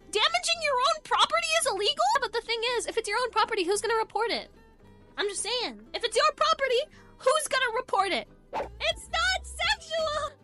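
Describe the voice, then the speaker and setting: A young woman streamer chatting casually, brash and playful, swearing and ranting at her chat with sudden shouts. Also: very high-pitched.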